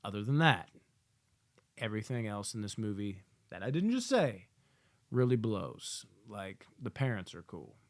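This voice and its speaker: A man giving a casual movie review, swearing often and acting out characters in loud, yelling asides. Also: on the low side, very animated, a little slow.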